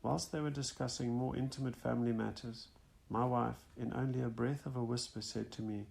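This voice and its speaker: A man narrating a first-person nonfiction audiobook in a calm, measured way. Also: mid-range voice, vocal fry.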